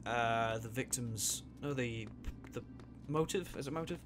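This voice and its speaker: A man's voice: medium pitch, unhurried, over music. A man doing casual let's play commentary, joking and chatty while reading game dialogue aloud.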